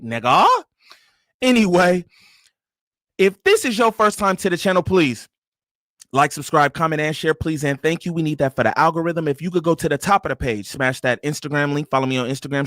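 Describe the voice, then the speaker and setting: A man's voice: a little high, fairly bright tone, no room sound, clean studio sound. A man hosting a reaction channel, giving joking, slangy commentary. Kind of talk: casual commentary.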